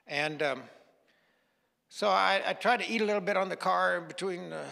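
Male pastor, folksy sermon storyteller, acts out dialogue, somewhat high pitch, reverberant sanctuary. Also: moderate pace, gravelly, bright, forceful tone. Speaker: guest pastor. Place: church sanctuary. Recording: long hall reverb.

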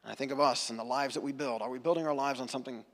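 Gravelly-voiced man preaching in a reverberant hall. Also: mid-range voice, steady tone, racing, a bit bright. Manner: conversational, earnest, with frequent restarts. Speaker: pastor. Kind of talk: sermon. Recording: long church hall reverb.

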